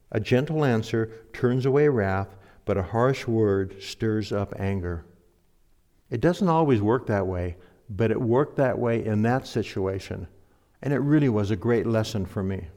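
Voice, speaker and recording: A middle-aged man preaching a sermon in an earnest, measured way, reading scripture aloud and leading a prayer. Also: mid-range voice, a little mellow. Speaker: pastor.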